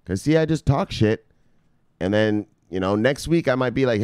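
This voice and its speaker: A man hosting a casual crypto vlog, talking loosely and with profanity, shouting "bang" as a catchphrase. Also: mid-range voice, animated, normal speed, clean tone, no echo, studio quality. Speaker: crypto news host. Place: home studio in South Beach.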